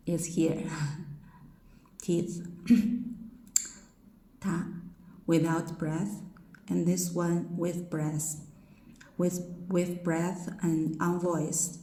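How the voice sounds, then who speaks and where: A woman's voice: lowish voice, warm tone, roomy sound, slight background noise, low-quality recording. A woman teaching a pronunciation lesson, explaining each sound and repeating syllables for the learner to copy. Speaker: language teacher.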